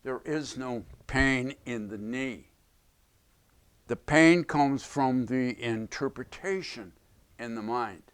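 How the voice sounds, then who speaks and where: Slow, emphatic male lecturer. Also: medium pitch, clean tone. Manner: emphatic, repeats key phrases. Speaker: self-help teacher. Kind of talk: explanatory video lecture.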